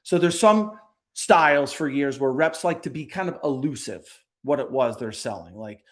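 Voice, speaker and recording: A man being interviewed on a podcast, speaking directly and energetically, often acting out quick bits of sales dialogue. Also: mid-range voice, a bit bright. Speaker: podcast guest, sales leader. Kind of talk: conversational interview.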